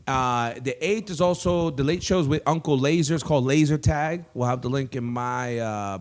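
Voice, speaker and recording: A man's voice: medium pitch, moderate pace. A man hosting a comedy podcast in a studio, chatting casually with lots of rambling, laughter and crude asides.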